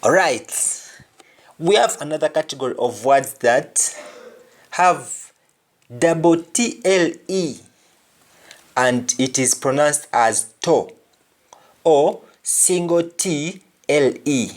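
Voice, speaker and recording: A man giving a pronunciation lesson, saying each example word slowly and deliberately, often twice. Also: a little high, lively intonation. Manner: slow, deliberate, repeats each word in pairs. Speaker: language teacher.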